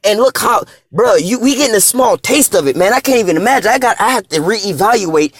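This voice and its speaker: A vlogger reads articles aloud in a casual, preachy rant, his high-pitched, expressive voice moving a little fast with a slightly rough edge. He's profane and repetitive, quotes scripture, and caps nearly every line with "man." The studio-quality recording has no echo.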